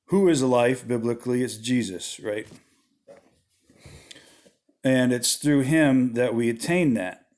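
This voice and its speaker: A man's voice: medium pitch, slow pace, long pauses, darkish tone. A tired man with a slight lisp, talking late at night in a rambling way, often asking "right?" as he teaches about religious symbolism. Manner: rambling, restarts often, tags lines with "right?". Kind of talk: casual spoken teaching on symbolism.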